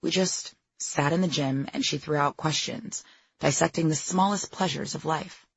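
A woman's voice: low voice, moderate pace, creaky, breathy edge, no room sound, lo-fi sound. A woman narrating her own memoir as an audiobook, candid and self-deprecating.

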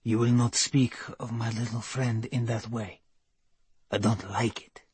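A protective werewolf who gives orders with cool, firm authority, voiced by a man reading the story. The voice is low and husky. It is recorded close and dry. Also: fairly even intonation, slow pace, a bit bright, no room sound, exaggerated voice.

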